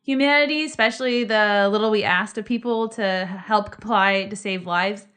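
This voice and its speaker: Woman, podcast co-host, casual chat, earnest, reflective, smooth resonant voice. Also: medium pitch, normal speed, fairly bright tone.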